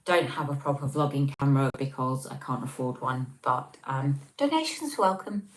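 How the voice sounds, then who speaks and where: A woman's voice: rumbling low, level tone, normal speed. A woman with an English accent hosting a casual livestream at home, reading comments and chatting with lots of ums, recorded on a tablet on a table. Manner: chatty, rambling with many ums. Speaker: livestream host.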